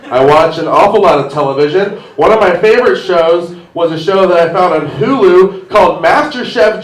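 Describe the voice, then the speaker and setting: A man in his twenties doing a rambling, self-deprecating stand-up set on a pub stage, with lots of "like". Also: on the high side. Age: 20s. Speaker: stand-up comedian. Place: pub stage with live audience. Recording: distant mic, audience laughter.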